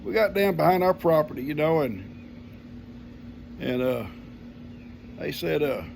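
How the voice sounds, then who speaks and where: Gravelly older Texan storyteller. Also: male voice, a little high, animated, a little slow, a little mellow, a little hiss or hum. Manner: folksy, homespun grammar, chuckling storyteller. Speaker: vlogger telling a family story. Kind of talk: casual storytelling.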